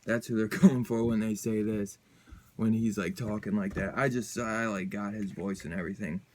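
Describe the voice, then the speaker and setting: A man chatting casually about a comic book, excited and rambling in a loose, slangy way. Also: on the low side, normal speed, a little hiss or hum. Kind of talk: casual review chat.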